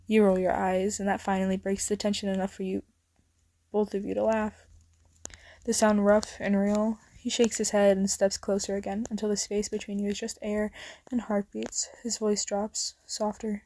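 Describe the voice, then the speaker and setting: A young woman narrating a second-person romance story in a soft, intimate voice that slips into whispers. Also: mid-range voice, level tone, normal speed. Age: young adult. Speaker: fan fiction narrator.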